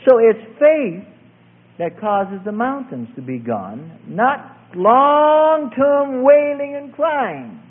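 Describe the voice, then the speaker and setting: A man preaching a sermon with emphatic delivery, swinging from loud calls to hushed passages. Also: very high-pitched, sing-song, slow pace. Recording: tinny lo-fi phone-like recording.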